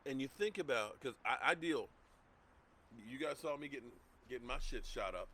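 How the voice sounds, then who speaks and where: A man's voice: mid-range voice, animated, normal speed, bright, forceful tone. A middle-aged man hosting a sports livestream, ranting heatedly and repeating himself as he gets worked up. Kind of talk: heated rant.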